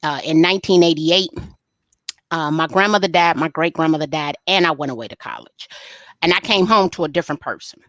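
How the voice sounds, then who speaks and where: Lively, folksy woman telling her story. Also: low-pitched, brisk, no room sound. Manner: animated, folksy storyteller who acts out family dialogue. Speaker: interview guest. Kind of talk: candid storytelling in a live interview.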